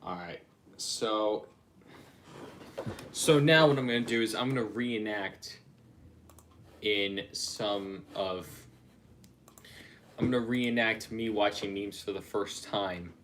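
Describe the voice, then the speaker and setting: A man's voice: on the low side, takes it slowly, pauses often, fairly bright tone, slight background noise. A man rambling casually on a livestream, chatting and reacting to viewer comments. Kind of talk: casual live-stream chat.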